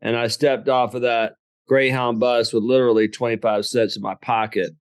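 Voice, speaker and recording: Folksy Southern man with a smooth voice. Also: mid-range voice, little pitch movement, moderate pace, no room sound. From southern Alabama. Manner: folksy, jokes and laughs at own stories. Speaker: guest, business coach and author. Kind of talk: storytelling interview.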